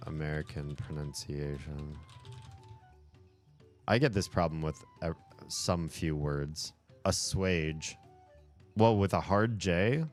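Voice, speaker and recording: Deep-voiced male streamer chatting casually. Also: slow pace, soft background music. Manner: animated, chatty, frequent laughter and swearing. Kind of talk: casual livestream chat.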